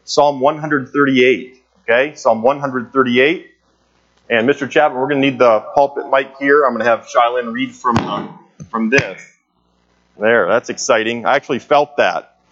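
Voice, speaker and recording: A man's voice: medium pitch, muffled recording. A man teaching a church Bible class in a conversational way, with many filler sounds, asking the class questions. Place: church meeting room.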